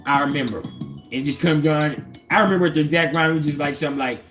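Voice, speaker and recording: A man's voice: a little high, fairly even intonation, fast, fairly bright tone, faint music behind. A man hosting an astrology channel, casually telling a personal story in a profane, streetwise, conversational way.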